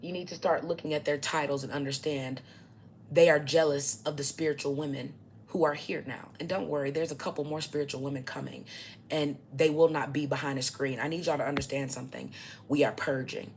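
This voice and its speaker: Low-voiced woman ranting bluntly. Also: steady tone, brisk, a little hiss or hum. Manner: blunt, profane, combative preaching. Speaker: self-styled spiritual teacher. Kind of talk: ranting monologue to camera.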